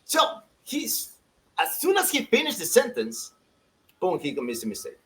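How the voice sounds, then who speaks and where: A man co-hosting a soccer show in a casual, animated chat, laughing often and restarting his sentences. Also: sits high, normal speed, low-quality recording.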